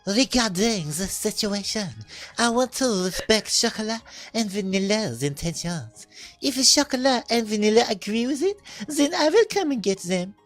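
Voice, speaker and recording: A streamer voicing a polite, affectionate young sister in a visual novel, reading gently and formally. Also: mid-range voice, animated, normal speed, faint music behind, close to an everyday voice.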